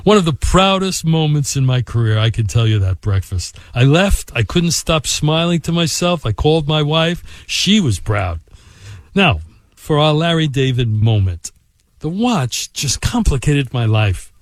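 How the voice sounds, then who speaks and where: A man hosting a show and telling a personal work anecdote in an expressive, animated way. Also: a little high, moderate pace, no room sound. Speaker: podcast host and storyteller. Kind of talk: anecdotal storytelling.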